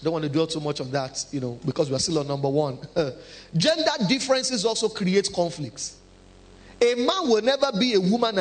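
A man preaching a sermon, animated and humorous, acting out quotes. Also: high voice. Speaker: pastor.

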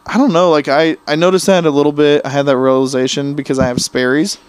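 Rambling smooth-voiced male podcast co-host. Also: on the high side, quick pace, no echo. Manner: rambling, animated storytelling with quoted voices. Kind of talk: casual chat.

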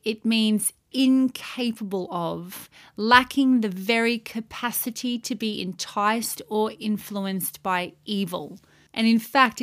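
A woman teaching on scripture in a Q&A episode, reading verses aloud and stressing repeated words with emphasis. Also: a little high. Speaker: Bible teacher.

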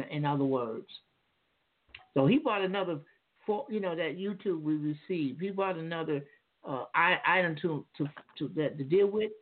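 A man calling in to a radio talk show, explaining at length in a rambling, lecturing way with many restarts. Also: on the high side. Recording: tinny phone line.

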